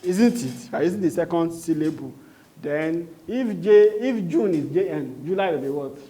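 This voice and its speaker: A man's voice: on the high side, lively intonation, moderate pace, mellow. A man with a Nigerian accent giving a live training talk, quizzing the room and repeating his points. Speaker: sales trainer.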